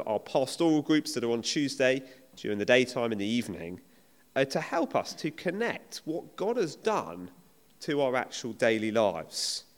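Guy preaching, lively up-and-down voice, earnest and chatty, big hall echo. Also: medium pitch. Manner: earnest, emphatic, conversational preaching with restarts. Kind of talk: sermon. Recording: long reverb of a hall.

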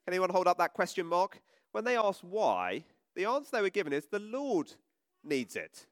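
Lively high-voiced preacher talking to children. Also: male voice, a little fast, dry recording. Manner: animated, addressing children with questions. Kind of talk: all-age sermon. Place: church.

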